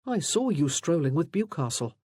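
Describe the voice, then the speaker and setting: A man voicing a loyal, protective gentleman friend in an audiobook, speaking warmly and earnestly. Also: a little high, sing-song, moderate pace, husky, no room sound, clean studio sound. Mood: concerned. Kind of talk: audiobook character voice.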